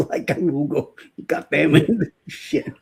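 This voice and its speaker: Joking husky-voiced man on a stream. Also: on the high side. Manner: joking, rambling, full of "uh" fillers, laughs often. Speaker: co-host of a morning live show. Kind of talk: casual live-stream chat.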